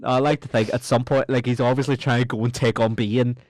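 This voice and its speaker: A man co-hosting a podcast, chatting casually and jumping into squeaky joke voices. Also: a little fast, no echo, studio quality. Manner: animated, breaks into squeaky voices for jokes. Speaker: podcast co-host. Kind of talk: casual chat.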